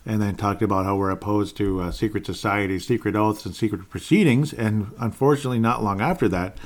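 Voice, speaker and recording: A man's voice: on the low side, brisk, a little mellow. A man in his forties giving a casual, rambling, opinionated political monologue, chuckling often. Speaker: political commentator.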